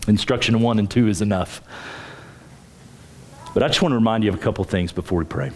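Preaching with emphasis and at a quick pace, this pastor lets his pitch rise on important points and repeats words when beginning phrases.

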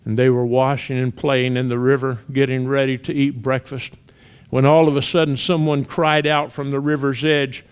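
A male preacher delivering a sermon in a middle-pitched voice. He tells a story with rising intensity, shouting out its cries, then drops to hushed, earnest appeals. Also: flat delivery, moderate pace.

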